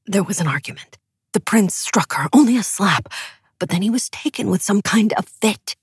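A woman voicing a frightened young man who speaks in a hushed, urgent way in an audiobook. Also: medium pitch, measured pace, husky, dry recording, clean studio sound. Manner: hushed, whispering.

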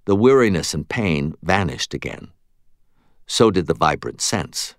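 Male first-person narrator, low, wry and expressive, dry close read. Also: a little slow, no room sound. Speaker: audiobook narrator.

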